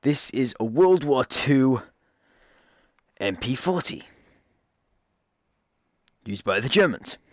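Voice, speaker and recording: A man chatting through a game in a loose, rambling way, tossing out jokes and then correcting himself mid-sentence. His voice sits at an ordinary middle pitch, and he talks casually to his viewers. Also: sing-song, slow, pauses often, dry recording, studio quality. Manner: rambling, jokey, self-correcting asides. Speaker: gaming YouTuber. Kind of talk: casual gameplay commentary.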